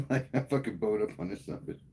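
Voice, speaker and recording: A man's voice: on the low side, lively intonation, fast talker, mellow. A man livestreaming, telling a heated, profane story to his chat in casual speech. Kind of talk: casual rant to live chat.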